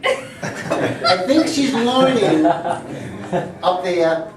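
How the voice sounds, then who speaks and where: A man's voice: high-pitched, sing-song, extremely slow, a loud crowd. A middle-aged man giving a humorous prepared speech to a club, playful and laughing between lines. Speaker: club speaker. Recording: echoey room, far mic.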